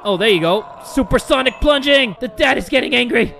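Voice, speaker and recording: A man giving comedic let's-play commentary, excitable and swearing, with loud outbursts. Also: very high-pitched, fast, vocal fry, noisy background. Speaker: gaming video host.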